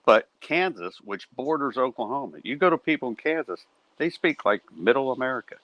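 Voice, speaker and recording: A man's voice: medium pitch, expressive, fairly quick, a bit bright, no echo, dull audio. A middle-aged man with a Pittsburgh accent, chatting casually and telling stories, often checking in with "right?". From Pittsburgh area. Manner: storytelling, asks tag questions like "right?". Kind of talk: casual chat.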